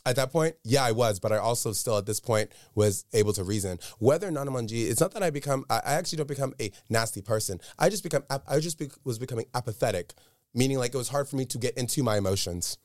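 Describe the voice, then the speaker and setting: A man's voice: mid-range voice, fast, darkish tone, no room sound, clean studio sound. A man speaking as an interview guest, telling a candid personal story in an earnest, emphatic way and repeating words for stress.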